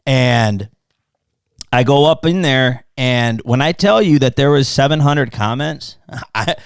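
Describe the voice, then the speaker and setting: A man's voice: mid-range voice, slow, smooth, dry recording, clean studio sound. A man hosting a podcast, telling a story in casual chat, swearing often and acting out both sides of an argument. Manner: profane, animated storytelling that acts out quoted exchanges. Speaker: podcast host.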